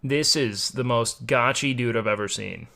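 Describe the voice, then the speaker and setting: A man's voice: mid-range voice, moderate pace, vocal fry, heavy background noise. A young man livestreaming, chatting casually and musing aloud to his chat, swearing now and then, at a home desk mic.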